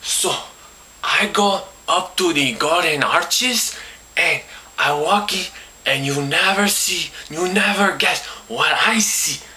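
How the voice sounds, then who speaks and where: A woman telling a comic story to the camera, slowly and deliberately, acting out each moment as she goes. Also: lowish voice, bright, forceful tone. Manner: slow, deliberate retelling, acting out moments with gestures. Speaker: comedy vlogger. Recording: roomy echo with faint hiss.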